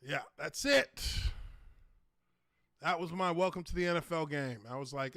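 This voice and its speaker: A fairly high-voiced man in his thirties, talking into a close, dry desk mic at home. He hosts a casual livestream Q&A and tells his stories in an animated way, with bursts of laughter, loud exclamations and some swearing. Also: normal speed, pauses often, dry recording. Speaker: livestream host, former NFL lineman.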